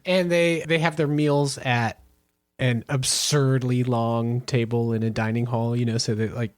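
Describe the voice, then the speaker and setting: A man co-hosting a casual book podcast, easygoing and quick with joking asides. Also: mid-range voice, fairly even intonation, dry recording. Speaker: podcast co-host.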